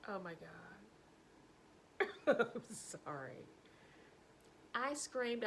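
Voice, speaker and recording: A woman telling a personal story to camera, animated, breaking into laughter and hushed asides. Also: mid-range voice, extremely slow, gravelly, pauses often, slight background noise, poor audio. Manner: animated, breaks into helpless laughter, drops to whispers.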